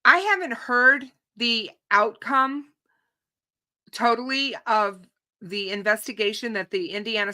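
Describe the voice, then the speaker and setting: A woman hosts a true crime show and talks unscripted to her audience in a slow, unhurried way. Her tone is bright and forward. She is opinionated, restarts and repeats words, and her voice is starting to go, with some throat clearing. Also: medium pitch. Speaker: true crime channel host. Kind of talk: unscripted commentary to a live audience.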